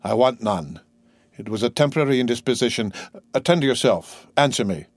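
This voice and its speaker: A man doing a stern magistrate in an audiobook, measured and formal. The voice sits in a middle range and keeps a stiff, controlled manner. It is read close and dry, with no room around it. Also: medium pitch, animated, no room sound. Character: anxious stern male magistrate. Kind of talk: audiobook character voice.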